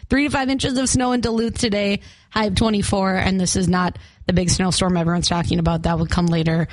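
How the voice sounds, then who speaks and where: A woman's voice: mid-range voice, steady tone, brisk, no echo. A young woman co-hosting a morning radio show, chatty and laughing often as she talks about concerts and travel. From Arizona. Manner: chatty, laughs often, country music fan.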